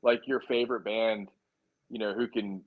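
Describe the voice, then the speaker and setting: Rambling, animated man telling a story. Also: fairly low pitch, normal speed, phone-quality sound. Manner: rambling, animated, many "like" and "dude" fillers. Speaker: musician guest. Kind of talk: casual storytelling interview.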